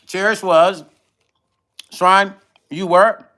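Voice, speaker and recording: Man, middle-aged, livestream host, casual chat, repeats himself, bright tense tone. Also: high voice, fairly even intonation, extremely slow. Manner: loose, conversational, repeats himself when emotional. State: eating while talking. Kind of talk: casual livestream chat reading viewer comments.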